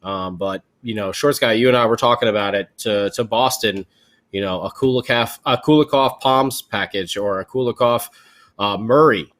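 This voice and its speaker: A man's voice: lowish voice, normal speed, fairly bright tone. A man hosting a podcast, chatting casually about hockey trades in a rambling way with many restarts. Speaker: podcast host. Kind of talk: casual sports chat.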